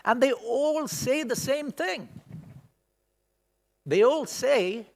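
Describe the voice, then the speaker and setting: A middle-aged man giving a conference keynote speech in a large hall, expressive and emotional, with many rhetorical questions. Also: sits high, a little slow, creaky. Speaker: keynote speaker. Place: large hall at a school event.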